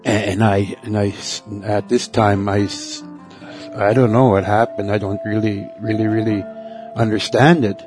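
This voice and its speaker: Middle-aged guy, low flat voice, halting faith testimony, soft guitar behind. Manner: halting, repeats words, soft trailing phrases. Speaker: testimony speaker.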